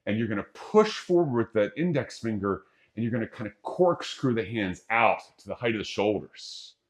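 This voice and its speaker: A man's voice: fairly low pitch, animated, moderate pace. A middle-aged man teaching qigong moves, giving casual, jokey step-by-step breathing cues. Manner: casual, jokey, talks through each breath. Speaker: qigong instructor. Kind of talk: guided exercise instruction.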